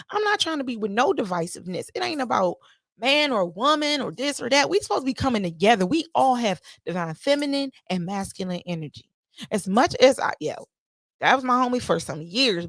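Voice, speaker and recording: With a medium-pitched, creaky voice, a mother hosting her own casual podcast speaks animatedly and with sass, peppering listeners with emphatic rhetorical questions. The sound is clean studio quality with no echo.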